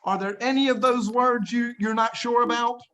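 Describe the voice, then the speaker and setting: A man's voice: extremely high pitch, fairly even intonation, normal speed, pushed and bright. A man teaching an online English lesson to children, explaining words patiently and plainly, laughing often, over a video call. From United States.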